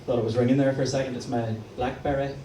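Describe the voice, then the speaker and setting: A man's voice: mid-range voice, flat delivery, quick pace. Cheeky male stand-up comic, roomy live room. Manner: cheeky, chatty, teasing the audience. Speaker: stand-up comedian. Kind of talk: live stand-up with crowd work. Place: live comedy venue stage. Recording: roomy distant live room with crowd noise.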